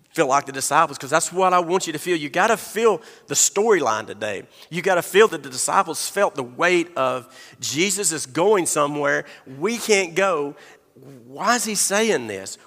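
Male pastor, conversational storyteller, bright forceful tone, long hall reverb. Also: medium pitch. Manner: conversational storytelling, acts out quotes, repeats words. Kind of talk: sermon.

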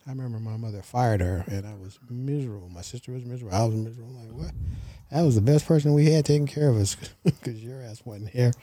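Husky older man, dry jokes. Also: mid-range voice, fast talker, hardly any pauses, warm tone. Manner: dry, joking, laughs a lot. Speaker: podcast guest. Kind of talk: casual chat.

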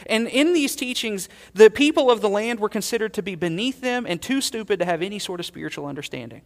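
A man preaching a sermon as pastor, earnest, swelling loud and then dropping to quiet emphasis. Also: high-pitched, animated, fast, hardly any pauses, long reverb tail.

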